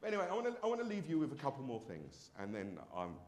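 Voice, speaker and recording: A man's voice: mid-range voice, huge pitch swings, racing, a little mellow. A man performing a brash, self-mocking stand-up comedy set on a club stage.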